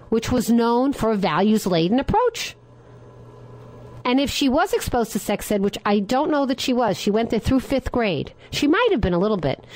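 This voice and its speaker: A middle-aged woman is hosting a talk radio show alone at the mic. She talks at an ordinary, mid pitch and speaks with firm opinions, and she often turns to her listeners with rhetorical questions. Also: a little mellow, no room sound, poor audio.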